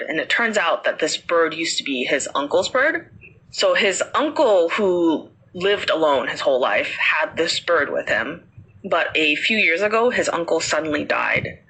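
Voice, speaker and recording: A woman's voice: sits low, bright, forceful tone, breathy edge, poor audio. A woman podcast host casually telling a ghost story, chatty with many fillers.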